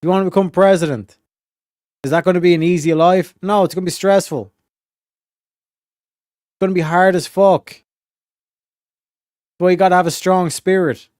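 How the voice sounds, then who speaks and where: A man's voice: sits high, steady tone, moderate pace, long pauses, darkish tone, no room sound, studio quality. A man from Ireland, a streamer reacting to clips in casual, heated, swearing commentary. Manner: heated, swears a lot, acts out voices.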